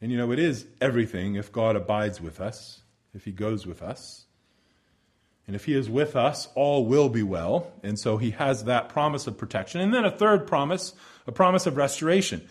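A man preaching a sermon, explaining scripture in an earnest, emphatic way that rises for stress and drops soft at the close of phrases. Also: mid-range voice, lively intonation, normal speed, breathy edge. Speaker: pastor.

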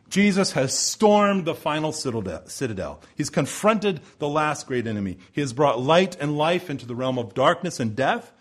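A man preaching a sermon as pastor, building to loud emphatic swells and slowing on key words. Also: mid-range voice.

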